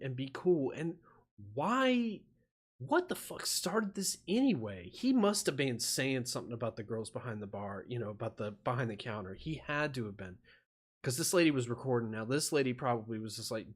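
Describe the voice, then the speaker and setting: A man rambling profanely on a live stream while feverish, laughing often and restarting his sentences. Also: mid-range voice.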